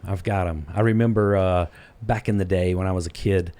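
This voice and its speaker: Low-voiced easygoing male guest. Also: steady tone, fairly quick, warm tone. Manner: easygoing, joking. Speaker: guest, former missionary. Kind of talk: casual chat. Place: church.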